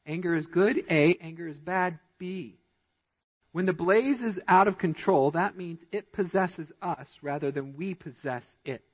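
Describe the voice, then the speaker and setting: A man's voice: a little slow, husky. A man preaching a sermon as pastor, stressing his points with emphatic, rising delivery. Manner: emphatic preaching with rising pitch on key lines. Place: church sanctuary. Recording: dull, echoey church recording.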